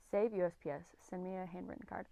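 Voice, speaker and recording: A woman in her twenties co-hosting a podcast, chatting casually on her own in a gushing, excitable and rambling way. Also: fairly low pitch, gravelly, no echo, muffled recording. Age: 20s. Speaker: podcast co-host. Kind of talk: casual solo podcast chat.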